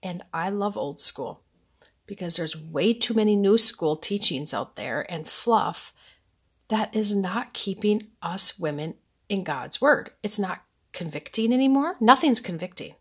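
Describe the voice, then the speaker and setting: A woman in her thirties hosting a casual faith podcast from home at night, rambling and sleepy, with soft laughs. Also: mid-range voice, animated, a little slow, husky. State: sleepy, yawning. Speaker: podcast host.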